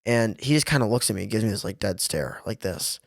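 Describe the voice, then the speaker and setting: A man's voice: lowish voice, lively intonation, fast, gravelly, no room sound, studio quality. A young man co-hosting a podcast, telling a work story in casual chat with wry, joking asides. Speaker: podcast co-host.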